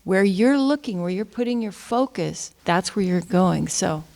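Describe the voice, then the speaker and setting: A woman's voice: medium pitch, lively intonation, unhurried, vocal fry, darkish tone. A woman in a casual conversation, speaking in a reflective and earnest way. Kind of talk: casual chat.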